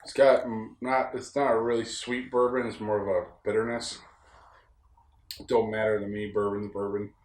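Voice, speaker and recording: A man's voice: lowish voice, level tone, normal speed, darkish tone. A young man from upstate New York hosting a casual solo podcast, talking in a plain-spoken, rambling, folksy way while recorded in a room on a ranch. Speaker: podcast host. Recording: roomy echo.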